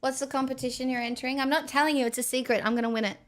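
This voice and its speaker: A woman's voice: high voice, steady tone, rapid-fire. A young adult woman streaming, reading chat aloud in a playful, teasing casual chat.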